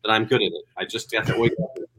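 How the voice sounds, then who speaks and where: A man's voice: on the low side, steady tone, very fast, a crowd in the background. A man in a casual chat, teasing the others with dry, wry jokes.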